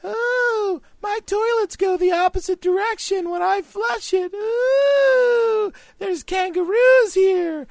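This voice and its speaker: A boisterous, loud-mouthed Australian character, squealing in a very high, gravelly voice. He drags his words out slowly between exclamations. The sound is dry and close. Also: dry recording, heavily acted. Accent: put-on Australian. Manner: shouty, exclaiming, cartoonish. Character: over-the-top excitable Australian man, loud and boastful.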